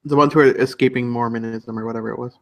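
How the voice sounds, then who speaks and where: A man's voice: mid-range voice, fairly even intonation, rapid-fire, fairly bright tone. Laughing, gossipy man in stream chat. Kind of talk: casual chat on a livestream.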